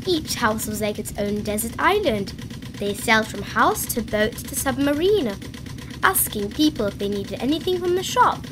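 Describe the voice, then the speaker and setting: A woman narrating a children's storybook aloud in an expressive, sing-song way. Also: fairly high pitch, normal speed, noisy background. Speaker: storybook reader. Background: background music.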